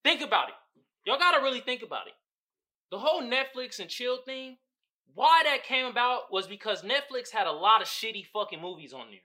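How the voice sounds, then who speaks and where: A man hosting a podcast, in casual comedic commentary that is animated and profane, with frequent laughs. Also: extremely high pitch, a little fast. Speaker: podcast host.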